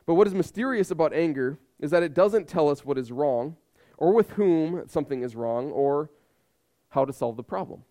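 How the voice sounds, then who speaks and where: A man's voice: a little high, lively intonation, normal speed, dark tone. A man in his thirties preaching a sermon with emphatic repetition and rhetorical questions. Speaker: pastor.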